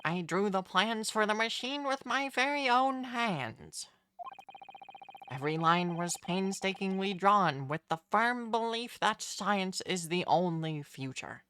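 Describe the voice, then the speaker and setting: A woman's voice: mid-range voice, lively intonation, a bit bright, no room sound. Woman doing a solemn old-time scientist professor. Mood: earnest. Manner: slow, solemn, theatrical, like a 1940s horse-race announcer. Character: grave, self-pitying male scientist, earnest about his science. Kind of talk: reading game dialogue aloud.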